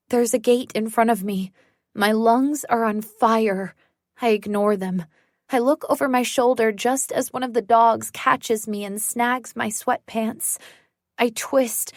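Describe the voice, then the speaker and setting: Woman audiobook narrator, unhurried suspense read, dry studio sound. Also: a little high, no room sound. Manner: measured, suspenseful storytelling. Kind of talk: first-person thriller narration.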